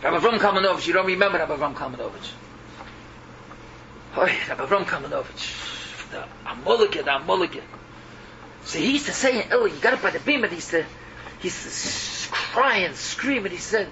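A man's voice: high-pitched, lively intonation, fairly quick, gravelly. A man preaching in English mixed with Yiddish and Hebrew terms, emotional and repetitive, swinging between cries and murmurs. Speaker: rabbi. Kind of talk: Yiddish-laced sermon. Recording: muffled lo-fi recording with background noise.

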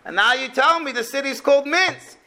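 A man voicing a wary backwoods villager who distrusts every stranger, throwing out accusing, disbelieving questions. The voice sits high and bright, with a sharp edge. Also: fairly quick, gravelly, heavily acted. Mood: suspicious. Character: suspicious rustic forest man, wary of strangers.

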